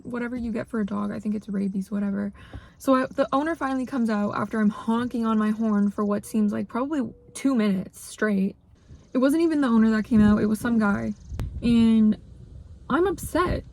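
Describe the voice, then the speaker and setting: A woman's voice: mid-range voice, gravelly, darkish tone. A young woman from Canada telling a personal story to camera, upset and rambling, with many fillers. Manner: upset, rambling, heavy use of "like". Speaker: vlogger.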